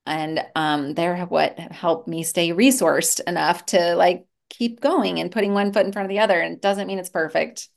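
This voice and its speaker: Middle-aged woman guest, low gravelly voice, candid and reflective. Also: fairly even intonation, moderate pace, hardly any pauses. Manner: candid and reflective, with many restarts. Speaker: guest, therapist and mother. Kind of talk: casual conversational interview.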